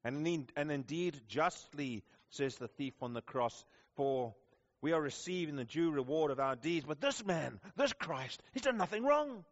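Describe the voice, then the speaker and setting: A man's voice: on the high side, expressive, normal speed. Earnest preacher man, lo-fi recording. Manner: earnest, rising to intense questioning then softening. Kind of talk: sermon. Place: church service with congregation.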